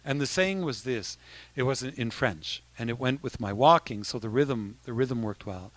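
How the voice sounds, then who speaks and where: A man's voice: mid-range voice, moderate pace. A man, a bishop, giving an informal talk to young people, conversational with frequent restarts. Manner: conversational, with many restarts and asides.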